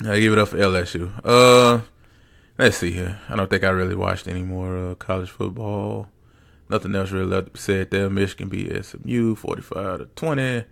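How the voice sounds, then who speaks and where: A man's voice: fairly low pitch, creaky, a bit bright. A man hosting a podcast, talking sports in a casual, rambling way with lots of fillers and repeated phrases. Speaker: podcast host.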